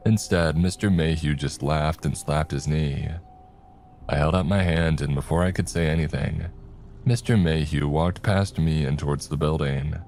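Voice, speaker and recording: A man narrating a horror story in a steady, even storytelling manner. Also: a bass voice, moderate pace, a little hiss or hum.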